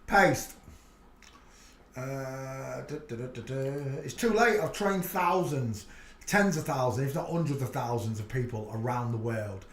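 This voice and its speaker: A man's voice: mid-range voice, lively intonation, unhurried, pauses often, reverberant. Rambling man hosting a livestream. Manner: rambling, greets viewers by name, mutters to himself. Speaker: livestream host. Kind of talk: casual livestream chat.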